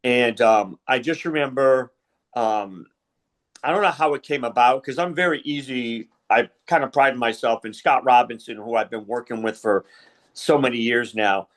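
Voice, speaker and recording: A bit bright and medium in pitch, the voice moves at normal speed. It belongs to a middle-aged wrestling referee who, as a podcast guest, rambles through casual interview stories heavy with fillers and retold dialogue.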